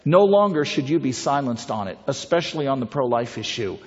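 A man's voice: mid-range voice, big pitch swings, brisk. A man giving a persuasive public talk, telling stories and putting rhetorical questions to his audience. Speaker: pro-life speaker. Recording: reverberant, dull lo-fi hall recording.

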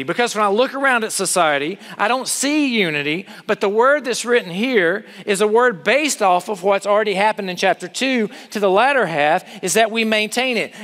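Male pastor, earnest sermon delivery, rhetorical questions, high voice. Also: fairly bright tone, long reverb tail.

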